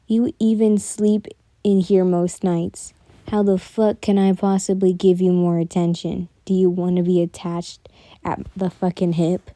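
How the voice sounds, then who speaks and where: Woman playing a cocky young male fighter, smug, calmly mocking, very mellow dark voice, dry close sound, whispered role-play. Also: on the low side, a little slow, dry recording, natural voice. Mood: annoyed.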